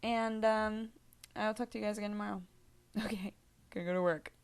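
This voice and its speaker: A young woman vlogger chatting casually to her viewers. She rambles from one aside to the next with plenty of fillers and giggles. Her pitch sits in an ordinary middle range. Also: fairly even intonation, brisk, clean tone. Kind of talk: casual storytime vlog.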